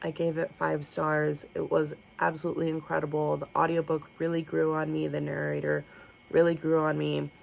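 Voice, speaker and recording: A young woman talks casually through her reading vlog, chatty and unfiltered with the odd swear word. Her voice has a gravelly, fried edge. A faint hiss sits under the home recording. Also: deep voice, monotone, moderate pace. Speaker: book vlogger.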